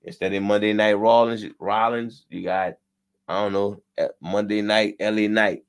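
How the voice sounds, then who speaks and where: A man's voice: fairly low pitch, fairly even intonation, moderate pace, clear, resonant tone. A man co-hosting a casual wrestling podcast, talking bluntly with slang and profanity. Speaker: podcast co-host.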